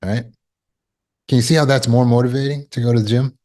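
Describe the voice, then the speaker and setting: A man's voice: mid-range voice, steady tone, brisk, dark tone. A man giving a motivational talk as a self-help teacher, emphatic and repetitive, explaining with everyday examples.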